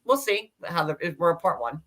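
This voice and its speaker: Guy at his home desk chatting away, bright voice, lots of ups and downs. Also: fairly high pitch. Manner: animated, chatty, quick asides. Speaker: host. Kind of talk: casual recap chat.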